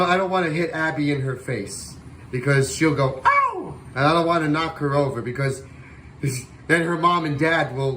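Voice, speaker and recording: A man hosting a livestream, calling a virtual air show in playful announcer style with loud whoops. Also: medium pitch, a little hiss or hum. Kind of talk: playful air show commentary over a flight sim stream.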